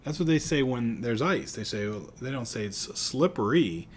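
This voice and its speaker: A man's voice: medium pitch, expressive, moderate pace, a little hiss or hum. A middle-aged man from Pittsburgh with a light Pittsburgh accent, giving a casual, rambling recorded psychology lecture. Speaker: psychology teacher.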